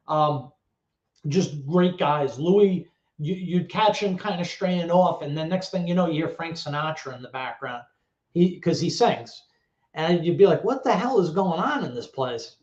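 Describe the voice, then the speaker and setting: A man in his thirties tells a story as an interview guest, in a slightly high voice. He is animated and swears freely, and he slips into other people's voices as he goes. The sound is roomy and echoey, with a dull, lo-fi quality.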